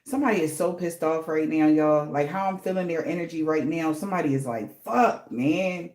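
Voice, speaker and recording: A woman's voice: sits low, brisk, darkish tone, roomy sound, slight background noise. Profane, emphatic woman doing a reading. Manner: blunt, profane, slangy and emphatic. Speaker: tarot reader. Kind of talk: casual spiritual reading.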